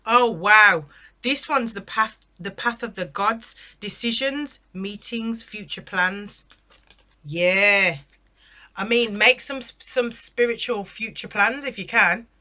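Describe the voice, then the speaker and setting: A woman's voice: medium pitch, bright, forceful tone. A woman giving a casual spoken tarot reading, chatty and exclamatory, often checking in with the listener. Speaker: tarot reader.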